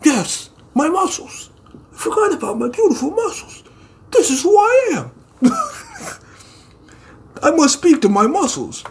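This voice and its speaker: A young man putting on a shrill falsetto to play a melodramatic muscular male hero who cries over his own muscles. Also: big pitch swings, takes it slowly, vocal fry, bright, forceful tone, a little hiss or hum, heavily acted.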